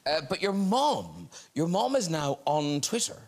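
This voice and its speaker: A man's voice: on the high side, big pitch swings, measured pace. A man hosting a talk show, teasing his guests and giggling as he leads the chat. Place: TV studio with live audience. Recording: loud studio audience and noise.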